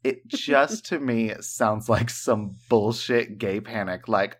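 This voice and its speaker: A man co-hosting a casual podcast, animated and joking, with plenty of profanity. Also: on the low side, takes it slowly, few pauses. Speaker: podcast co-host. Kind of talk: casual chat.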